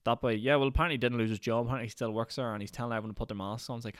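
A man's voice: mid-range voice, steady tone, racing, no echo, studio quality. A Northern Irish man hosting a solo podcast, rambling and ranty, with lots of "like" fillers. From Northern Ireland. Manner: rambling, ranty, heavy use of "like". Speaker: podcast host.

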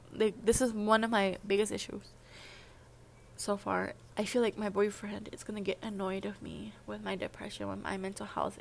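Young woman rambling to her camera, soft and earnest, keeps saying like, faint hiss in the background. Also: mid-range voice, gravelly. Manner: rambling, hesitant, heavy use of filler "like". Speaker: vlogger. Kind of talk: casual confessional monologue.

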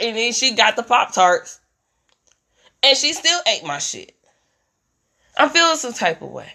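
A young woman doing a profane comedic rant about motherhood, animated and full of mimicry. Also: on the high side, moderate pace, creaky, pauses often.

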